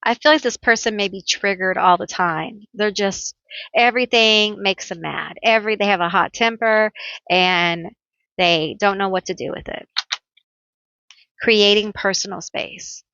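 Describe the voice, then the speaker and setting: A woman's voice: medium pitch, unhurried, vocal fry, pushed and bright, no echo, lo-fi sound. A woman giving a pick-a-card tarot reading, chatty and playful, telling stories with teasing nicknames.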